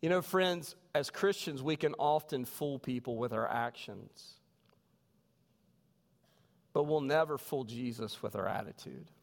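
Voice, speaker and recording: A man's voice: medium pitch, a little slow, vocal fry. Man preaching in a reverberant church. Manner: animated storytelling, voices quoted people. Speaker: pastor. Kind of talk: sermon. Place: church sanctuary. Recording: long reverb of a church hall.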